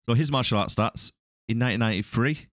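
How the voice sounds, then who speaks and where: A man's voice: medium pitch, fast, fairly bright tone, no room sound, studio quality. A man co-hosting a casual movie review podcast, easygoing as he shares trivia. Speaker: podcast co-host.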